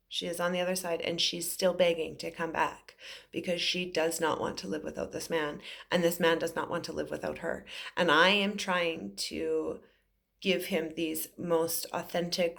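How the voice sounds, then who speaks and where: A woman's voice: fairly low pitch, creaky, a bit bright. A woman in her forties, a psychic medium, telling an emotional story to camera in an earnest, rambling way with many fillers. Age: 40s.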